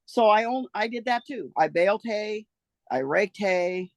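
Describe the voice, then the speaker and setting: Gravelly older woman telling her story. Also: medium pitch, expressive, measured pace, dry recording. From American rural West. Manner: folksy, rambling, trails off and restarts. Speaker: interviewee recounting her life. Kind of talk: casual storytelling.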